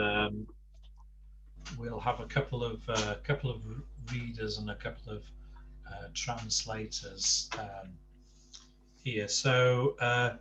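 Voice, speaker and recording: A man's voice: on the low side, slight background noise. An older man leading a language class over a video call, hesitant and full of ums. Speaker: course tutor. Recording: dull video-call audio.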